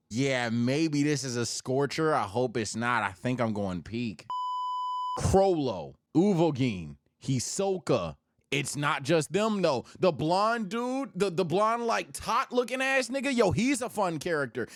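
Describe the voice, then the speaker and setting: A young man streaming, ranking anime in loud, profane, animated casual chat. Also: sits high, dry recording, studio quality.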